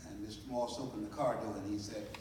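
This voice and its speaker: Older motivational speaker, dramatic, echoing hall. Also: male voice, fairly low pitch, steady tone, quick pace, background noise. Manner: dramatic storytelling, preacher-like cadence, building emphasis. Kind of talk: live inspirational speech. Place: large hall with a live audience. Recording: echoey hall from far off.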